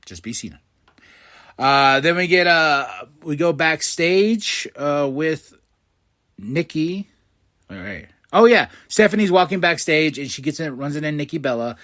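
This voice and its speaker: A man hosting a podcast, recapping a wrestling show in a casual, excitable way and putting on quick voices for the people in it. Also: on the high side. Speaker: podcast host.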